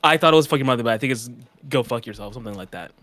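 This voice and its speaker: A man's voice: medium pitch, expressive, racing, sharp tone, dry recording. Dry, teasing man on a podcast. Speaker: podcast co-host. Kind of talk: casual chat.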